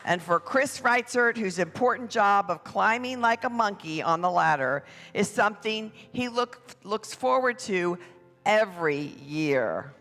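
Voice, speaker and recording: Slow, playful parade emcee in echoey hall. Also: mid-range voice, lively intonation, pushed and bright. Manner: playful, drawn-out announcing to families. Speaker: parade announcer. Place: church hall. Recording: echoey hall with music behind.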